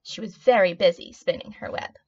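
A preschool teacher, a woman, reading a picture book aloud to young children in a gentle, expressive, child-directed way. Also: mid-range voice, fairly quick. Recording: dull lo-fi audio.

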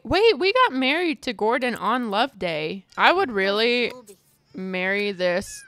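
A woman's voice: a little high, expressive, measured pace, a bit bright. A young woman giving dramatic, exasperated casual commentary while playing a life-sim game. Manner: dramatic, exasperated, mild cursing. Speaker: gaming streamer.

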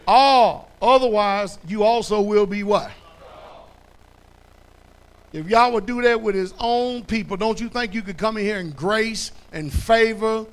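Man preaching, high-pitched voice, blunt folksy talk, loud emphatic bursts, quizzes the crowd. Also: a little slow. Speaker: pastor. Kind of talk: sermon.

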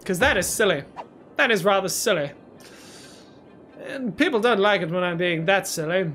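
Bright-voiced rambling gamer man. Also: high voice, animated, moderate pace. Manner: rambling, self-mocking, breaks into silly sing-song and nonsense sounds. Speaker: gaming YouTuber. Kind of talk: let's-play commentary. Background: faint game music.

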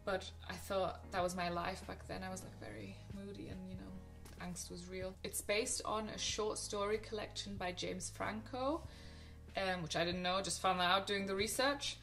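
A young woman chats about films she loved, gushing and full of little ums and restarts. Her voice is bright and clear, with a touch of soft music underneath. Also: medium pitch, fairly even intonation, moderate pace. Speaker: film vlogger. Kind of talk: casual film recommendations to camera.

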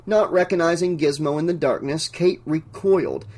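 A man narrating an audiobook in a measured, even storytelling manner. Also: fairly high pitch.

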